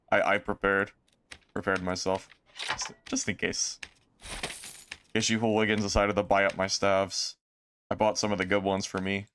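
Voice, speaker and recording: Excitable male game streamer. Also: on the low side, slight background noise. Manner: excitable, exclaims and laughs often. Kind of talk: casual gameplay streaming.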